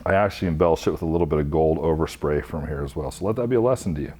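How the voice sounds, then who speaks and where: A man, a craft instructor, talking through an epoxy resin demonstration step by step in a relaxed way. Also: rumbling low, rapid-fire, slight background noise.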